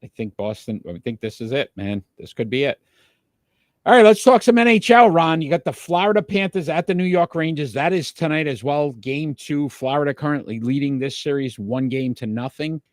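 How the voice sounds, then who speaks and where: A man hosting a casual sports talk show, chatty and quick to laugh, calling out to his live viewers. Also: fairly high pitch, lively intonation, dry recording, studio quality. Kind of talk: casual sports picks chat.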